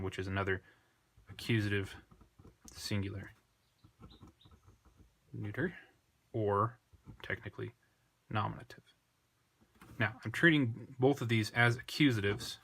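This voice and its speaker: A man teaching a language lesson, working slowly through a text, thinking aloud and correcting himself as he goes. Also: on the low side, fairly bright tone. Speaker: Greek tutor. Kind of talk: unscripted screen lesson.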